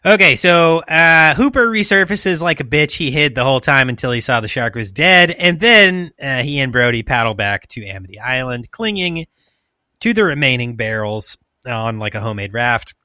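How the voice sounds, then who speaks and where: A man's voice: medium pitch, lively intonation, normal speed, bright, forceful tone, dry recording. A man hosting a casual podcast, reading a plot recap with joking, profane asides. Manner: joking, swears freely, loose asides. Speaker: podcast host.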